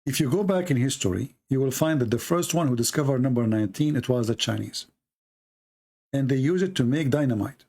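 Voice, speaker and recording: A man hosts an online show in a loose, mocking monologue. His English is non-native and full of slips and restarts, and his pitch sits in the middle range. He keeps breaking into laughter at his own jokes. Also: brisk, darkish tone. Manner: rambling with frequent restarts and fillers. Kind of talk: casual mocking commentary.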